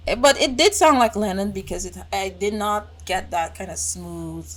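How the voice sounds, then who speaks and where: A woman's voice: mid-range voice, measured pace, fairly bright tone, low-quality recording. A young woman hosting a casual live-stream reaction, playful and exclaiming as she talks straight to her viewers.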